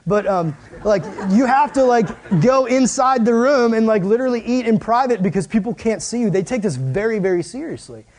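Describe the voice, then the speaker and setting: A young male preacher with a notably high voice, telling stories in a relaxed, joking sermon. He is animated throughout and acts out the people he describes. His delivery stays conversational rather than formal. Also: brisk, hardly any pauses. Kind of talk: casual storytelling sermon.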